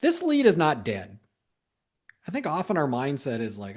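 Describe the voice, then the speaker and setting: A man's voice: on the high side, huge pitch swings, normal speed, pauses often. A man coaching salespeople in a solo talk, emphatic and repeating key points for stress, with the odd joking aside.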